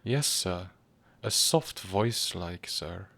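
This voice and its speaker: A man voicing a cold, prim male butler in a storybook reading, speaking in a cool, soft, deferential manner. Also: deep voice, expressive, very slow, creaky, full character voice.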